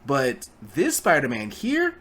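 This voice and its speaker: A man's voice: medium pitch, huge pitch swings, slow, a bit bright. A man giving a casual spoken film review, rambling with stumbling restarts and blunt, profane remarks. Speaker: movie reviewer.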